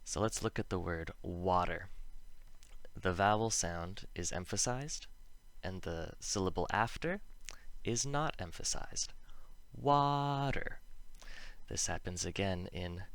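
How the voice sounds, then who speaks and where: Patient male pronunciation teacher, low and slow, stresses each example word, dry close sound. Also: fairly bright tone, no echo. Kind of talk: explanatory lesson with slow example words.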